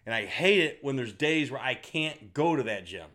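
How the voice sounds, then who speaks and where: A man's voice: mid-range voice, animated, moderate pace, bright, forceful tone. A middle-aged man doing a profane, heated rant to camera as a fitness vlogger. He talks bluntly and swears constantly.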